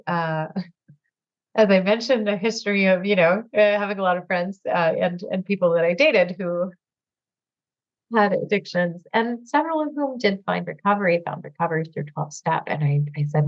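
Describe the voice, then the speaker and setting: A woman with a somewhat low voice shares her recovery story in a candid, halting way, leaning on fillers as she searches for words. She sounds teary. The audio is dull and lo-fi. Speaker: guest sharing recovery story. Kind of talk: emotional personal storytelling.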